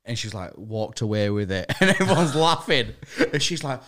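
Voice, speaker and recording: A man, co-hosting a podcast, telling an animated story in casual chat and acting out the quotes. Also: medium pitch, moderate pace. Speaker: podcast co-host.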